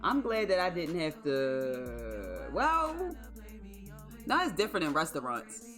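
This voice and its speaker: A young woman streamer spins a story in casual chat, loud with curses and exclamations. Her pitch swings widely from line to line. Her tone is bright and sharp, with faint music playing behind her. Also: takes it slowly. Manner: animated, profane, exclamatory storyteller. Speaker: livestreamer.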